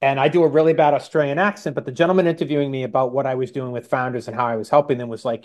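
A man gives an interview, confident and explanatory, with a voice of middle pitch. His answers are relaxed and conversational. He speaks over a video call. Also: rapid-fire, few pauses. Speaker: guest.

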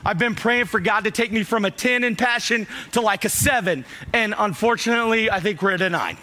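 A male pastor preaches with fiery passion, his voice high for a man and bright, almost ringing. He swings from near-shouts on his key points to quiet, hushed lines, and acts out the dialogue in his stories. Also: fairly quick. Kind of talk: sermon.

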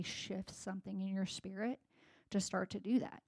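A woman in her forties shares a sermon with her church in an easy, conversational way. Her voice is gravelly with a flat, even pitch, and she often restarts her sentences. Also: normal speed. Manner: conversational, many fillers and restarts. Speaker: speaker at a church gathering. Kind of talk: sermon-style personal talk.

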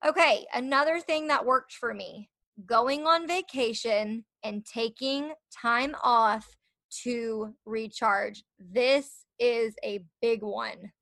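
A woman's voice: fairly high pitch, takes it slowly, gravelly, a bit bright, no echo. A young woman hosting her own podcast, talking earnestly and encouragingly to her listeners. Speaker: podcast host. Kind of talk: solo podcast talk.

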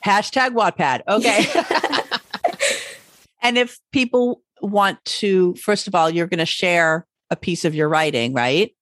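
A woman's voice: fairly low pitch, slow, a bit bright, no room sound, studio quality. A woman hosting a teaching podcast, encouraging and enthusiastic as she talks with a guest and reads her outro. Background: faint background music in outro.

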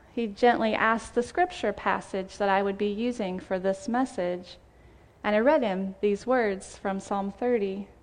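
A woman's voice: medium pitch, steady tone. A woman pastor preaching a heartfelt sermon and reading scripture in a church. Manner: heartfelt, tearful gratitude, measured scripture reading. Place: church sanctuary.

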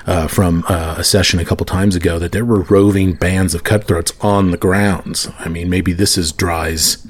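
A man's voice: sits low, fairly even intonation, moderate pace. A man narrating as game master of a tabletop game, easygoing, with many fillers.

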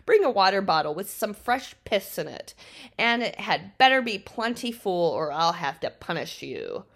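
A woman's voice: medium pitch, sing-song, moderate pace, fairly bright tone. A woman voicing a strict, bossy nurse. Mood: commanding. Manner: stern, bossy commands. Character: strict commanding female nurse, domineering.

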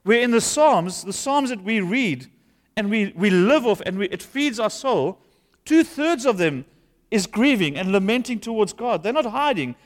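A man's voice: sits high, big pitch swings, moderate pace. A man, a pastor preaching an earnest, conversational sermon in a church. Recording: long hall reverb.

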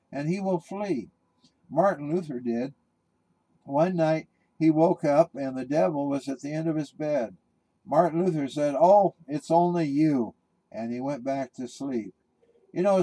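A man's voice: a little high, mellow, poor audio. A man preaching a sermon as a pastor, talking in a conversational, folksy way, with restarts. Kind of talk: sermon with storytelling.

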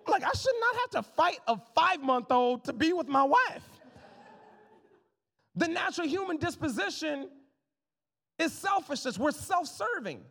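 A man in his thirties, a pastor preaching a sermon in a lively, conversational way with jokes and asides to the congregation. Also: very high voice, measured pace, creaky, long pauses, in a large hall.

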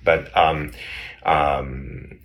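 A rumbling low, slightly bright male voice delivers a very slow, level account of history. The guest chats casually, meanders with many restarts, and voices the people he quotes.

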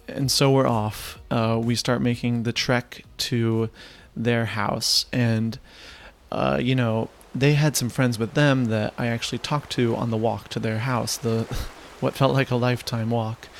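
A man from the United States telling a comic personal story on a podcast, wry and animated, jumping up in pitch for emphasis. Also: a little slow, slight background noise.

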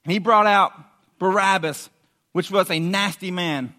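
Man, youth pastor, sermon, casual lively storytelling, high voice, bright tone. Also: a little slow.

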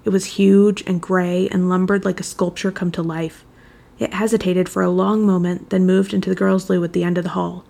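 A woman reads a fan fiction chapter aloud in a low, gravelly voice. Her delivery is even and measured, the steady pace of a storyteller working through a long passage. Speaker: narrator. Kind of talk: fan fiction audiobook reading.

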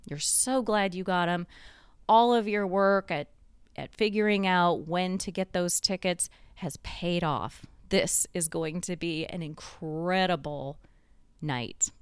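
A woman's voice: lowish voice, takes it slowly, smooth, no room sound. A woman host telling a guided second-person story in a conversational way, drawing the listener into the scene.

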